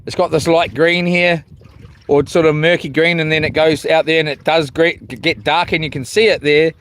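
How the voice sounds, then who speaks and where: Reading viewer comments aloud from his small boat, this New Zealand-accented livestreaming fisherman keeps things slangy and easygoing. He talks at normal speed in a steady, somewhat bright voice on the high side.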